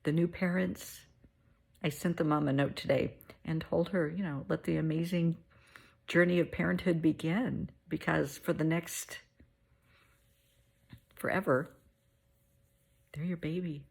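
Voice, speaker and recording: A middle-aged woman hosting a heartfelt pep talk, soothing and motherly, sometimes dropping to a soft whisper. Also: deep voice, fairly even intonation, unhurried, creaky, long pauses, slightly rough. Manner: soothing, motherly, calls listener honey; drops to soft whispers at times. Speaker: host.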